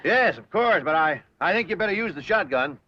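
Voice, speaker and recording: A man's voice: high-pitched, animated, brisk. An actor playing a courteous, easily flustered man who explains skeet shooting. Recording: dull old TV audio with crowd and hiss.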